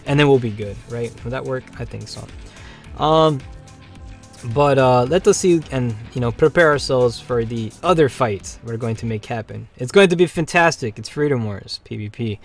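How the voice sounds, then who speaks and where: A man's voice: mid-range voice, normal speed, gravelly, faint music behind. A man hosting a game livestream who talks casually with lots of fillers and restarts, then slips into play-by-play commentary. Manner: rambling, filler-heavy talk turning to play-by-play. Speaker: livestream host.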